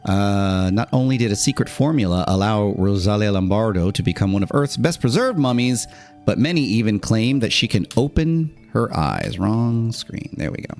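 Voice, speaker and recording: A man's voice: on the low side, very animated, normal speed, a little mellow, soft background music. A man streamer reading an article aloud on a live stream, with casual asides and laughs in between.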